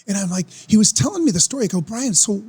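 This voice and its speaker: A man, telling a story as a podcast guest in an excitable, animated way. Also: high-pitched, quick pace, husky. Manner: animated, excitable storyteller who acts out quoted voices. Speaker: podcast guest, former football player. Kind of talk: casual storytelling.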